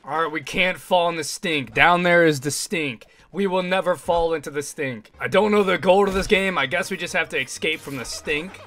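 A young man giving loud, excitable gameplay commentary with frequent yelling and swearing. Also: fairly high pitch, normal speed, hardly any pauses, faint music behind. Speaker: gaming YouTuber.

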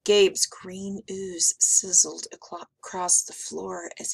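Slow, gravelly woman reading a picture book. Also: on the low side. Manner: slow, expressive read-aloud. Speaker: teacher.

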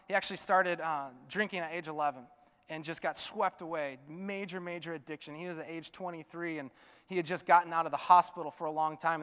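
A man preaching a sermon as pastor, swinging from loud urging to a soft hush. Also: a little high, steady tone, brisk, clean tone, long reverb tail. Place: church sanctuary.

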